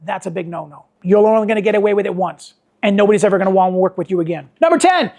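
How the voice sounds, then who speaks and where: A man's voice: high-pitched, very fast, vocal fry. A middle-aged man leading a photography workshop, telling stories and acting out the people he quotes. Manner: animated storytelling, acts out quoted voices. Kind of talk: workshop talk with anecdotes.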